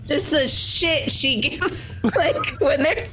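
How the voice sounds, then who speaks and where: A woman's voice: high-pitched, expressive, slow pace, fairly bright tone, slight background noise. A woman co-hosting a podcast about a movie, chatting casually and giggling as she talks. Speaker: podcast co-host.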